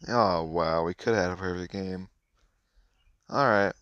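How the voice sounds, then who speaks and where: Deep-voiced man muttering game commentary. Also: unhurried, a bit bright, clear, resonant tone, no echo, muffled recording. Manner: offhand, muttering running commentary. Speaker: mobile game streamer. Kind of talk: casual gameplay commentary.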